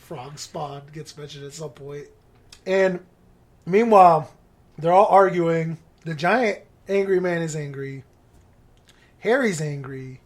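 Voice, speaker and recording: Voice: mid-range voice, slow pace, long pauses. Podcast host, rambling comic retelling, frequent swearing and laughter.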